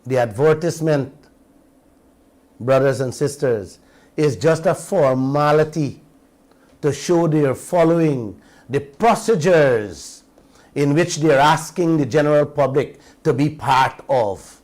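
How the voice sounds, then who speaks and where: A man's voice: a little high, unhurried, a little mellow. A Guyanese man hosting a radio talk show, giving an impassioned commentary full of rhetorical questions to his listeners and slipping between standard English and creole.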